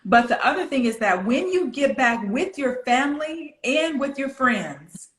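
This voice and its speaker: A woman's voice: high voice, expressive, unhurried, echoey room. A woman from the United States, a pronunciation coach, patiently explaining and demonstrating phrasing over a video call. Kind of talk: coaching over an online interview.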